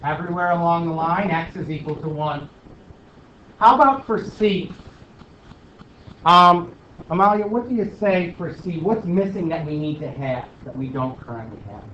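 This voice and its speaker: A man's voice: a little high, moderate pace, pushed and bright, far from the mic, slight background noise. A man teaching a math class, questioning students and joking as a self-declared stickler. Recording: roomy, dull, from across the room.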